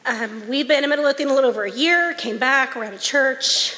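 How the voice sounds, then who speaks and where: A woman's voice: sits high, fairly quick, pushed and bright. Lady telling her church story, kinda emotional, big echoey hall. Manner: emotional, heartfelt, casual. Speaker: church member giving testimony. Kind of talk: personal testimony.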